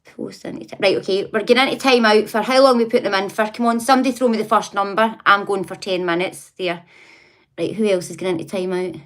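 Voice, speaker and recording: A woman's voice: mid-range voice, steady tone, fast. Chatty woman livestreaming. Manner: chatty, laughs often, talks back to viewers. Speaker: livestream host. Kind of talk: casual livestream chat.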